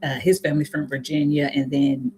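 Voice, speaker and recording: Chatty, lower-voiced Indiana woman. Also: flat delivery, brisk, dark tone, a little hiss or hum. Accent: Indiana with some Southern sayings. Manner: laughs at herself, chatty, rambling, talks straight to viewers. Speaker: natural hair YouTuber hosting a livestream. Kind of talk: casual livestream chat with viewers.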